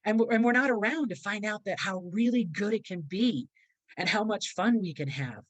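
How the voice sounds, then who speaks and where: A woman's voice: mid-range voice, expressive, normal speed, no room sound, rough recording. A middle-aged woman, a podcast guest and motivational speaker, telling a personal story in a rambling, earnest way and acting out the voices of people in it.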